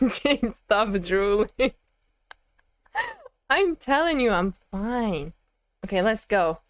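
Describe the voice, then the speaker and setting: A woman's voice: medium pitch, lively intonation, takes it slowly, no echo. A young woman streaming a game and reacting, giggling, flustered and gushing in casual commentary.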